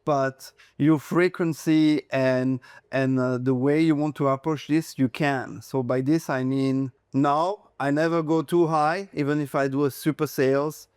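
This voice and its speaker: A man in his thirties with a French accent, a real estate agent chatting as an interview guest, hesitant with many fillers and quick to joke about himself. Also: fairly high pitch, fairly even intonation, a little mellow, smooth, no room sound, studio quality. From France. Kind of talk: casual interview chat.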